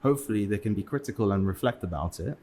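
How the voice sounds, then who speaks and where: A man's voice: lowish voice, lively intonation, fast, warm tone. A young man from England, a podcast guest, talking casually with many fillers and restarts. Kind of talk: casual interview talk.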